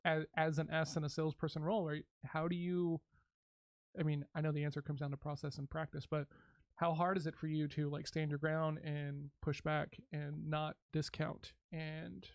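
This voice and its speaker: A man's voice: on the high side, little pitch movement, normal speed, gravelly, no room sound. A man co-hosting a casual sales podcast, often checking in with "right?" and restarting his sentences. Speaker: podcast co-host.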